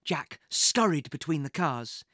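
Lively storybook narrator, bright and dry. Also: mid-range voice, unhurried, no room sound. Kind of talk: scripted children's adventure narration.

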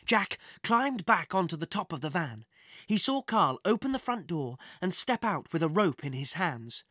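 A narrator reading a children's adventure story with lively, dramatic pacing. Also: medium pitch, normal speed, no room sound, studio quality.

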